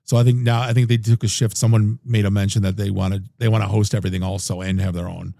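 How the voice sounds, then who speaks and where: A man's voice: fairly low pitch, flat delivery, fast talker, gravelly, dark tone, dry recording, clean studio sound. A man hosting a podcast in casual chat, rambling, restarting and trailing off mid-thought. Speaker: podcast host.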